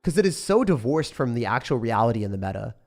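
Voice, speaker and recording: A young man streaming a game live, reacting loudly and then mumbling low as he talks through decks. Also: fast. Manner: excitable, swings from shouting to low mumbling. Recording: faint music behind.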